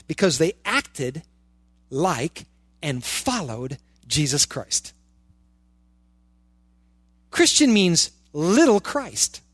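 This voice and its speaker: A man's voice: high-pitched, fairly bright tone, dry recording, studio quality. A male pastor preaching a sermon in church, firing rhetorical questions and repeating words for emphasis.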